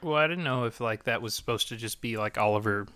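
A man's voice: mid-range voice, fast, bright, forceful tone, clear, resonant tone, no room sound. A man chatting casually about a movie, making dry, jokey asides and reading from his notes. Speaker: podcast co-host. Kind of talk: casual movie recap chat.

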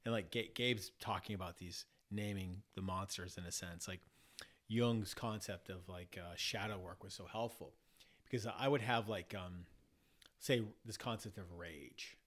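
This man, a guest on a casual podcast, has a deep, fairly bright voice and speaks a little slowly. Reflective, he keeps restarting and repeating words as he thinks things through.

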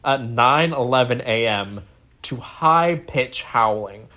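A man's voice: medium pitch, expressive, slow, pushed and bright. A young man in casual chat as podcast co-host, a dramatic storyteller who swears freely. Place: dad's house in Florida.

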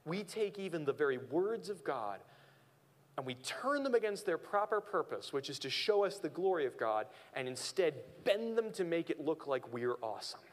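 A male pastor preaching a sermon and acting out quoted voices in an animated way. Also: a little high, moderate pace, in a large hall.

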